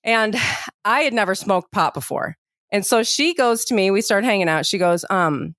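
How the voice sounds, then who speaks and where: A woman's voice: mid-range voice, normal speed, dry recording. Woman, podcast co-host, casual storytelling, lots of filler words, dry close mic. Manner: animated storyteller, many fillers like "like" and "you know".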